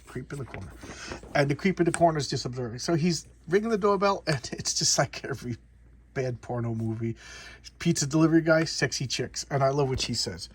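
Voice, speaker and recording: A man's voice: a little high, a little fast, a little hiss or hum. A man doing a casual comic book showcase, rambling and often repeating and restarting words.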